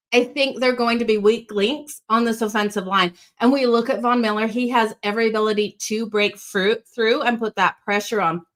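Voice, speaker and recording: A woman's voice: fairly high pitch, fairly bright tone. A woman with a slight Australian accent hosting a sports betting show, giving upbeat picks and talking straight to viewers. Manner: upbeat, addresses viewers directly.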